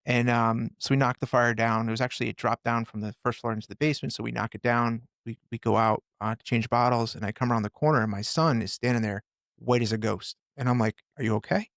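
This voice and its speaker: A middle-aged man, a firefighter and author, telling his story in a conversation, in an earnest and halting way with many restarts. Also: mid-range voice, fairly even intonation, gravelly, fairly bright tone, dry recording, studio quality. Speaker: podcast guest, firefighter and author.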